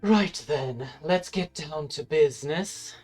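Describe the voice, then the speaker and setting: A game master doing Emmeline, a husky, breathy council leader. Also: medium pitch, slow, darkish tone, faint music behind. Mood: formal. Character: woman council leader, brisk, businesslike.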